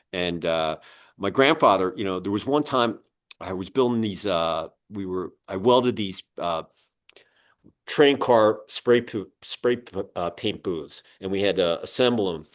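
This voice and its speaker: A man's voice: low voice, moderate pace. A man in his sixties hosting a business podcast, telling rambling anecdotes full of fillers. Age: 60s. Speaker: podcast host and magazine publisher. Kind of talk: casual storytelling interview.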